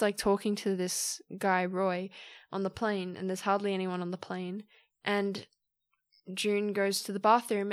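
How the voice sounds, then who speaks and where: A woman's voice: medium pitch, clean tone, no echo. A young woman hosting a casual solo podcast, rambling and chatty as she retells a film story. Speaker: podcast host.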